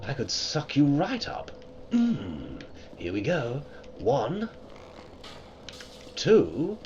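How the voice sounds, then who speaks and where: A man's voice: medium pitch, huge pitch swings, extremely slow, pauses often, a little mellow, muffled recording, a little hiss or hum. A British man giving live gameplay commentary, playful and silly, tossing out made-up words. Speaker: streamer.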